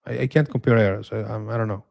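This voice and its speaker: Relaxed Slavic-accented man streaming. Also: fairly low pitch, quick pace, vocal fry, no room sound. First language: a Slavic language. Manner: relaxed, self-deprecating, hesitant with restarts and dry humor. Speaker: livestream host reading chat. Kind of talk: casual live watch-along chat.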